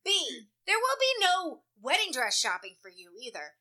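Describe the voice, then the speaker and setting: A young woman in casual chat, blunt and profane, telling animated stories. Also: high-pitched, normal speed.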